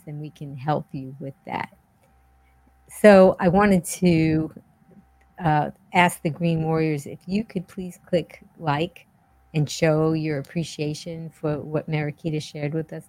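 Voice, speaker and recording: A woman's voice: sits low, a little mellow, no echo, poor audio. A woman hosting a casual interview show, chatty and friendly, often restarting her sentences. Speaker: podcast host.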